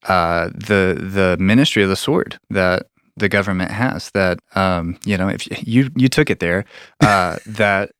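Earnest explaining man, low dry voice. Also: a little slow, a bit bright, smooth, no echo. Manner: earnest, explanatory, restarts often. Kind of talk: conversational theology discussion.

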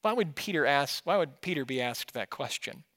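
Expressive and slightly high-voiced at a normal speed, a pastor preaches expository material in a conversational style. He asks listeners questions and swings between emphatic and quiet delivery.

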